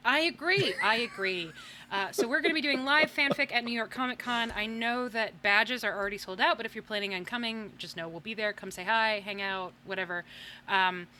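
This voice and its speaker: A woman hosts a podcast in a loose, chatty way, often laughing at herself as she runs through announcements. Her voice sits a little high and has a bright, slightly tense edge. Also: brisk, a little hiss or hum. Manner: chatty, laughing, self-deprecating. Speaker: podcast host. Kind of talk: casual podcast outro.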